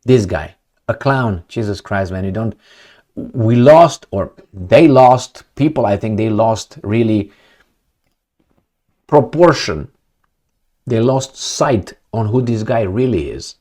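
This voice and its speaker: Man, lowish voice, sarcastic, rambling, fillers, casual monologue. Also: lively intonation, slow pace, long pauses, dark tone. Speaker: political commentator.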